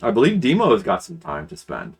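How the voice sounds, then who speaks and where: A man's voice: mid-range voice, wildly swooping pitch, brisk, slightly rough. A man streaming games, chatting casually and thinking aloud, rambling with frequent restarts. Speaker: game streamer. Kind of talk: casual live-stream chat.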